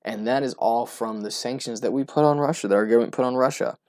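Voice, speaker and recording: Talking fast in a medium-pitched, slightly mellow voice, an American man from the United States gives offhand solo commentary on oil prices. As an oil and gas investment commentator, he speaks loosely, restarting often and tossing in fillers and "right?" asides.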